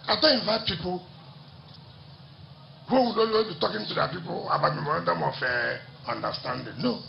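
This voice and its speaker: A man's voice: sits high, fairly quick, gravelly. A man gives a defiant political rally speech and repeats lines for emphasis. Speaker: politician addressing a party rally. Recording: dull echoey public-address sound, faint noise.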